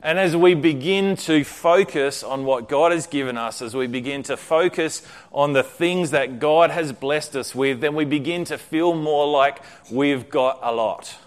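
A man's voice: a little high, a little slow, few pauses. A man preaching a sermon in a conversational way, then reading a story aloud. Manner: conversational, with frequent fillers and restarts.

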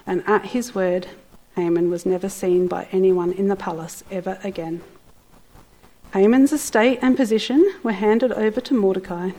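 A woman narrating a story in an expressive, theatrical way with playful asides. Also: mid-range voice, poor audio.

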